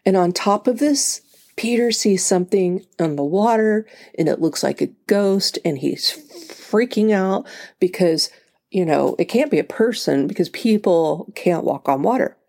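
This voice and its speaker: A woman's voice: lively intonation, unhurried, darkish tone. A woman in her thirties hosting a podcast, telling a personal faith story in an earnest, conversational way. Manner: earnest, conversational, acts out quotes in a higher voice. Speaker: podcast host.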